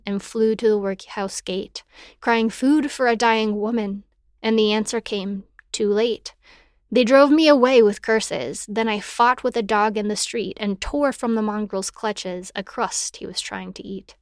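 A woman's voice: mid-range voice, no echo, studio quality. A woman giving a dramatic poetry recitation in an impassioned, mournful and bitter manner.

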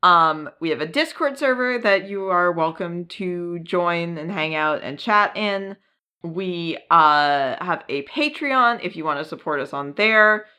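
Woman cohosting a podcast, talks slow, laughs a lot, says um constantly. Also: fairly low pitch, lively intonation, bright, forceful tone, clear, resonant tone. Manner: laughs often, lots of ums. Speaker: podcast co-host. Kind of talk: casual chat.

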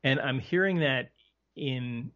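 A man's voice: medium pitch, slow pace, a bit bright. A man talking as a podcast guest, chatty and hesitant, with lots of "um" and restarts. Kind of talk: casual movie discussion. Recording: slightly muffled lo-fi recording.

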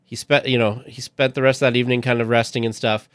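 A man's voice: mid-range voice, little pitch movement, fast talker, a bit bright, no echo, clean studio sound. A man hosting a podcast, telling a personal story in an earnest, heartfelt casual way.

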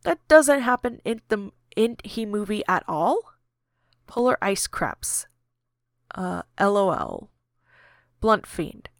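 A woman narrating a podcast, reading a chat log aloud in a deadpan way, usernames and emoticons included. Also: mid-range voice, slow, creaky, pauses often, no echo, clean studio sound.

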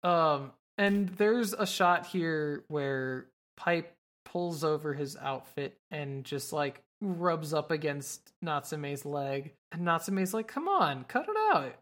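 A woman's voice: deep voice, slow pace, hardly any pauses. A woman casually recapping a show's episode on a podcast, swearing freely and quoting characters as she goes. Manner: swears casually, acts out quoted lines in passing. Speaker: podcast co-host recapping an anime. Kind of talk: casual chat, recapping scenes.

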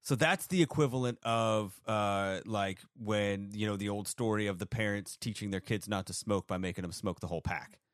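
Laid-back man with a low voice. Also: normal speed, few pauses. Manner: laid-back, laughs along, short replies. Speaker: podcast host. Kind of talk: casual chat.

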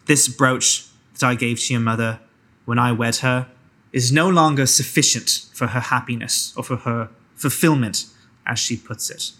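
A man's voice: mid-range voice, fairly even intonation, moderate pace, bright, forceful tone. A man voicing a stern, wounded husband who speaks theatrically and bitterly in a tabletop role-play.

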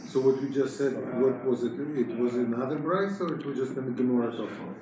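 A man's voice: medium pitch, brisk, warm tone, reverberant, a little hiss or hum, poor audio. A man, a student in a class, asking short clarifying questions.

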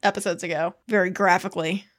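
A woman co-hosting a podcast, chiming in with quick asides in casual chat. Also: lowish voice, fairly even intonation. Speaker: podcast co-host.

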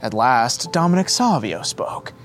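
A man hosting and narrating a story with an expressive, measured reading. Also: mid-range voice, faint music behind. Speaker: host and narrator.

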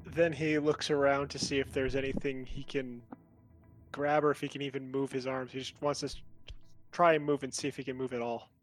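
A man describes his character's moves in a tabletop game, plain and matter-of-fact. His voice is mid-pitched, and faint music plays behind him. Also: little pitch movement, brisk. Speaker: player. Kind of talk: tabletop role-play chat.

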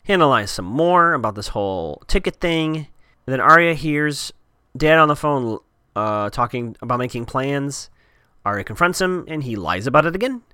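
A man's voice: medium pitch, animated, normal speed, sharp tone, smooth, dry recording, studio quality. A man giving a chatty, wry recap of a TV episode with sarcastic asides.

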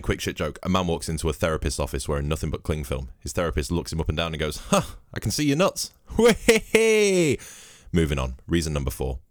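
A man's voice: rumbling low, no echo, clean studio sound. A man hosting his own podcast, telling rambling, cheeky, profane stories while he drinks at his home microphone. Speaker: podcast host. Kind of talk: comedic podcast monologue.

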